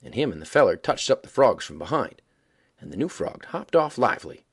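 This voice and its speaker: A man reading a story aloud as a folksy, animated yarn-spinning narrator with a husky voice. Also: medium pitch, fairly quick. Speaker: audiobook reader.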